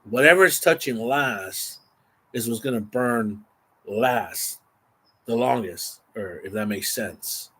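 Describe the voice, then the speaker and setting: A man vlogging, telling a rambling, animated story casually to the camera. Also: medium pitch, slow, breathy edge. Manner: rambling, animated, exaggerating for effect.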